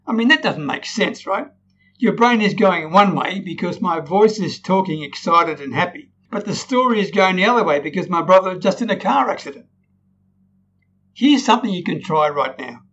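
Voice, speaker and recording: A man's voice: high-pitched, animated, moderate pace, fairly bright tone, lo-fi sound, slight background noise. A man teaching how to tell stories in a recorded lesson, often checking in with "right?" and acting out example sentences in different tones. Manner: demonstrates tones, frequent "right?" tag questions. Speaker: storytelling coach.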